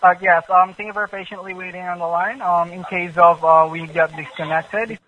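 A man making a telemarketing call, reading a scripted pitch with halting fillers and broken grammar. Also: fairly even intonation, narrow, tinny audio, a little hiss or hum. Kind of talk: scripted sales pitch over the phone.

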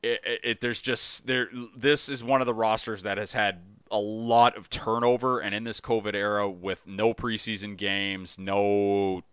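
A man with a low, bright, forceful voice and a smooth, resonant tone, talking through football bets in animated bursts. He restarts his sentences as he thinks aloud. The audio is dry and a little dull and lo-fi. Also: measured pace, few pauses, no room sound. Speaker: podcast co-host. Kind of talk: casual sports betting chat.

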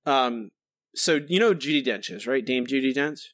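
Sarcastic, lively-voiced man co-host. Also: medium pitch, moderate pace, dry recording. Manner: playfully sarcastic, mock-explaining. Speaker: podcast co-host. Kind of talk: casual chat. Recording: dry podcast mic.

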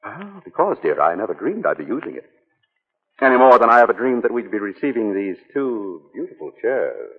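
An actor in a 1940s radio play voicing a charming, flippant husband who teases, hedges with uhs and laughs things off. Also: male voice, on the low side, sing-song, a little fast. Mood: evasive. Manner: teasing, hesitant with uhs, laughs easily. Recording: tinny old radio broadcast with reverb.

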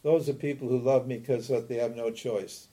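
A man giving a spiritual talk on scripture, who keeps asking his listeners rhetorical questions and tossing in a quick "huh?" while he chuckles. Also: mid-range voice, fairly even intonation, warm tone. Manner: chuckles often while explaining. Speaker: spiritual teacher.

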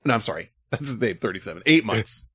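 Speaking fast in a voice on the low side, the streamer spins an animated, profanity-laced story for his chat, his casual talk packed with "like" and "you know."

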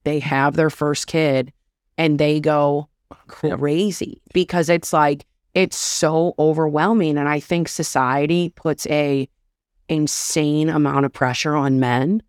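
A woman's voice: sits low, fairly even intonation, slow, no echo, clean studio sound. A woman in her thirties, a podcast guest, talking openly and casually about motherhood, with lots of "like". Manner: open, confessional, says "like" often. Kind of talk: candid casual chat.

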